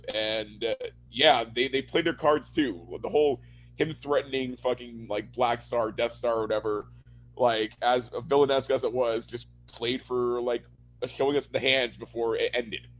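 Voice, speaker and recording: A man's voice: mid-range voice, poor audio. A man co-hosting a casual podcast, rambling through a review and acting out characters as he retells scenes. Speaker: podcast co-host.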